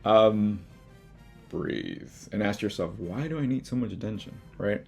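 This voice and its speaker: Low-ish and a little mellow, with vocal fry, lively intonation and a measured pace, his voice carries over soft background music. In his studio, he hosts his art video as a casual motivational talk, bluntly covering habits to quit, cursing and making self-deprecating jokes.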